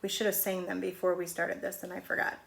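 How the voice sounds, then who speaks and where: Woman, middle-aged teacher, phonics lesson at home, drawn-out letter sounds, faint hum behind. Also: on the low side, monotone, creaky. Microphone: camera on video.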